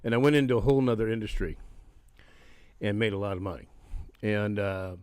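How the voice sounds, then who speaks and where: A man's voice: lowish voice, a little fast, darkish tone, clear, resonant tone, dry recording. An older man, a former actor, telling stories in a casual interview, rambling and profane, acting out other people's lines.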